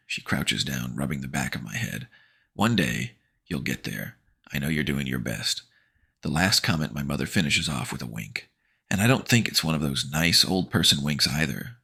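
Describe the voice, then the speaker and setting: A man with a very deep, gravelly voice narrates a horror-comedy audiobook in the first person. He talks as a sarcastic, slangy teenage boy, and his husky tone swings widely up and down. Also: pushed and bright. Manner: sarcastic slangy teen banter.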